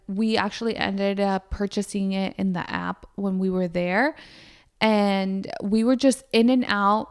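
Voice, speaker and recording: A woman's voice: medium pitch, clear, resonant tone. A young woman hosting a podcast, chatting casually with lots of fillers and addressing her listeners directly. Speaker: podcast host. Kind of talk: casual chat.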